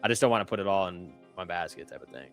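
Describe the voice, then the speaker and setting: Young male trader, casual rambling delivery, clear low-leaning voice, light music bed. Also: expressive, rapid-fire. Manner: loose, rambling, lots of "like" fillers and self-corrections. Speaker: trader on a live trading stream. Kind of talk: casual chat.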